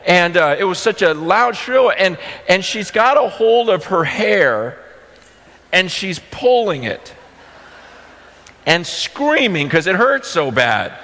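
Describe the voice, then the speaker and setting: Middle-aged male pastor, high voice, earnest preaching that breaks into loud acted-out quotes, heard in a reverberant sanctuary. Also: sing-song, slow. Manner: earnest, storytelling, acts out quotes loudly. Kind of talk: sermon.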